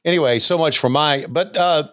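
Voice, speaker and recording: A man's voice: on the high side, moderate pace, a bit bright, dry recording. An older man co-hosting a casual chat, making dry, wry comments. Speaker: podcast co-host.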